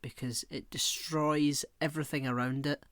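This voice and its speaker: A man's voice: fairly high pitch, fairly even intonation, moderate pace, a bit bright, no echo. A man with a slightly raised voice co-hosts a podcast in loose, casual conversation. He wanders through his thoughts and stops often to search for words. His voice sounds dry and close, with no room around it. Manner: rambling, searches for words with many fillers. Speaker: podcast co-host. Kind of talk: casual chat.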